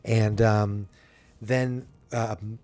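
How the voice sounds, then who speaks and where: A man casually recapping a sitcom episode, rambling with frequent ums and restarts, and jumping into a higher voice to act out the characters' lines. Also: flat delivery, drawn-out words, a little mellow, no room sound. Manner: acts out characters' quotes in a higher voice.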